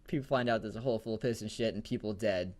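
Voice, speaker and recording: A man's voice: on the low side, quick pace, a little mellow. A young man co-hosting a casual podcast, rambling and laughing, swearing freely. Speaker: podcast co-host. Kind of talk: casual chat.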